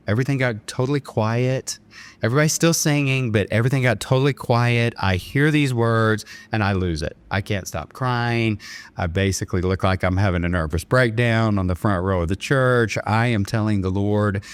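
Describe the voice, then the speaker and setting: A man's voice: lowish voice, moderate pace, clear, resonant tone. A man, a podcast guest earnestly retelling a dramatic personal story with quoted dialogue. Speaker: bank chairman and podcast guest. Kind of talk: storytelling in an interview.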